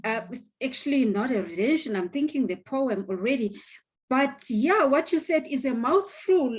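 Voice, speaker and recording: A woman acting as program director at a library event, giving slow, effusive praise to the speakers. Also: high-pitched, lively intonation, husky. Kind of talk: emceeing an event.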